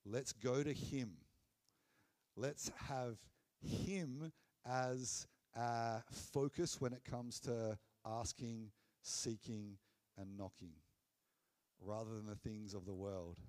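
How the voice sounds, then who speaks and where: Man, preacher, earnest and conversational sermon, mid-pitched voice, softens on key lines. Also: steady tone, slow pace. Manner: earnest and conversational, dropping low and soft on key phrases.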